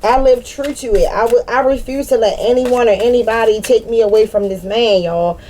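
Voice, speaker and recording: A woman's voice: a little high, normal speed, mellow, a little hiss or hum. A woman giving a casual spiritual reading to her viewers, candid and slangy, with frequent swearing. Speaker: spiritual reader.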